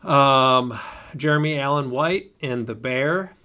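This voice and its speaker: A man's voice: medium pitch, slow, pushed and bright, clean tone. A man co-hosting a podcast in casual chat, hesitant and full of filler sounds. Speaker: podcast co-host.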